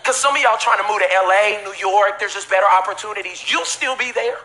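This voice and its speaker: Before a live congregation, this man delivers his sermon as pastor with lots of repetition and emphasis, occasional shouting, and offhand joking asides. He talks briskly, and his voice sits high.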